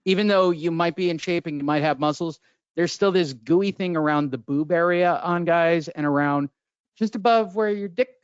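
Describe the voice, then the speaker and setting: A man's voice: a little high, no echo, lo-fi sound. A middle-aged man co-hosting a boxing podcast, who jokes crudely in casual chat. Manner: crude, joking storyteller.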